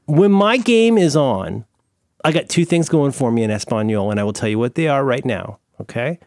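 A playful man riffing through casual podcast banter, his pitch bouncing around a lot. The sound is close and dry with no room in it. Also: lively intonation, fast talker, darkish tone, dry recording. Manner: jokey, tosses in bits and mock Spanish. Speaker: podcast co-host.

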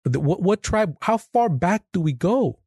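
A man hosting a casual podcast chat, talking quickly and restarting his words often. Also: high-pitched, very animated, darkish tone, breathy edge, no echo, clean studio sound. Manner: rapid, with many restarts and stammers. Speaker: podcast host.

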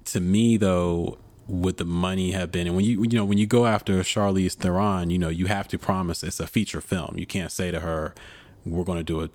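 A man's voice: low voice, steady tone, a little fast, darkish tone. A man co-hosting a casual podcast, giving opinions about films with lots of "you know". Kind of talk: casual film-industry chat.

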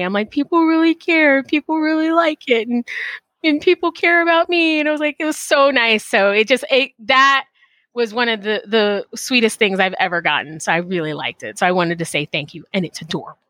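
A woman hosting a podcast in casual chat, animated and full of fillers, acting out her own quotes, speaking into a headset mic. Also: mid-range voice, brisk, no echo. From Texas. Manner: chatty, animated, many fillers and acted-out quotes. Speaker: podcast host. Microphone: call center headset.

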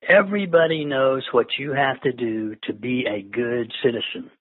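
A man in casual conversation, telling travel stories in a relaxed way with many fillers. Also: medium pitch, normal speed, slightly rough, no room sound. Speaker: guest. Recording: phone-like lo-fi line.

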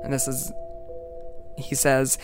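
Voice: mid-range voice, monotone, slow pace, over music. A young adult student giving a casual class presentation and reading a poem aloud, chatty and full of "like" and "um".

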